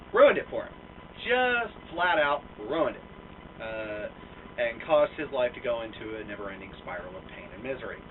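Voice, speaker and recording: A young American man telling a story and ranting, swearing freely and poking fun at himself. His pitch leaps up and down as he talks. He sits back from the mic, and the sound is thin and tinny, like a phone line. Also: recorded from a distance, a little hiss or hum. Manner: profane, animated, self-mocking, lots of fillers. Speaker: vlogger. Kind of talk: casual storytelling rant.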